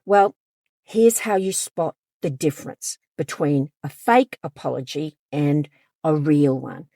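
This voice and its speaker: A woman's voice: deep voice, takes it slowly, gravelly, dark tone, no echo, clean studio sound. A woman counsellor talking directly to her audience in an emphatic advice monologue, sometimes acting out quoted lines. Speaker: counsellor and channel host.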